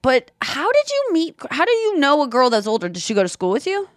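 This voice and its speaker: A woman's voice: sits high, fairly quick, no echo. Chatty woman podcast host, dry close mic. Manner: animated storytelling, acts out quotes. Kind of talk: casual podcast chat.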